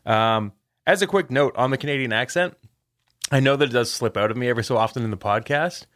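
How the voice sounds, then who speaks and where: A man's voice: medium pitch, fast, fairly bright tone, no echo, clean studio sound. A man co-hosting a casual podcast, chatting in a jokey way, answering questions and laughing often. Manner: jokey, laughs often, throws in silly put-on accents. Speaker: podcast co-host, game developer. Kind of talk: casual chat.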